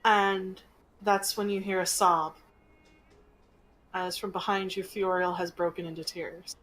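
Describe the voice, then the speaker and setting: A woman game master narrating a tabletop game in a slow, gentle storytelling manner. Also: lowish voice, little pitch movement, soft background music, rough recording.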